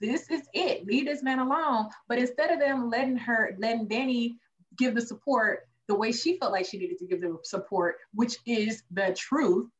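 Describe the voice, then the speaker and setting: A woman co-hosting a podcast in casual recap chat, animated and acting out quotes. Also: normal speed. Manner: animated, acts out quotes with rising pitch. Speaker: podcast co-host. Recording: distant, dull lo-fi mic with faint noise.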